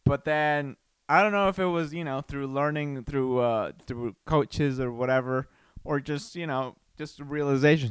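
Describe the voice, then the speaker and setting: A man muses aloud on his podcast at home, wandering from thought to thought and slipping into goofy voices. His voice sits a little high and sounds smooth and clean. The mic catches almost no room. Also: no echo. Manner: rambling, playful, does silly voices and quick exclamations. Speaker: podcast host, comedian. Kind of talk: casual solo podcast musing. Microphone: studio microphone.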